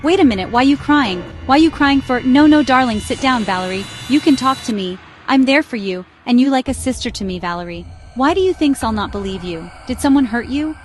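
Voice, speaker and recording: Woman reading a loyal, warm-hearted best friend, eager and reassuring, faint music behind. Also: fairly high pitch, expressive, fairly quick, few pauses, lightly acted. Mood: anxious, caring. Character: kind loyal young woman, caring and trusting.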